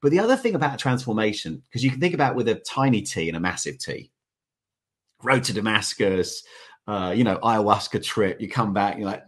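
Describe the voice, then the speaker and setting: A man with a low, slightly husky voice, speaking as a podcast guest. His pitch rises and falls widely as he tells stories, often breaking into laughter. The tone stays loose and conversational. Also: brisk. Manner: animated storyteller, laughs often. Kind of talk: conversational interview.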